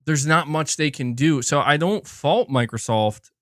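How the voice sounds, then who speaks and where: A slightly high-voiced man riffs through casual gaming commentary, animated and profane. He trips over restarts and drops into mocking impressions as he talks. The sound is dry and close, with no room around it. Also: measured pace, no room sound.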